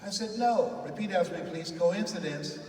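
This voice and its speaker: A man's voice: sits high, moderate pace. A man giving a motivational speech to a live audience, telling stories and leading the crowd in repeating phrases. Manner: storytelling, animated, leads the crowd in repeated phrases. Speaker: motivational speaker. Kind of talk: motivational speech with call-and-response. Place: large hall with an audience. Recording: echoey hall from far off, faint noise.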